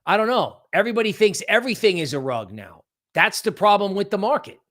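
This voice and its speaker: High pitched guy hosting a crypto livestream, loose rambly chat, keeps saying right?. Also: animated, fairly quick, a bit bright. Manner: rambling, conversational, often adds "right?"; mocks panicky traders in exaggerated voices. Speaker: crypto market show host. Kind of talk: livestream market analysis.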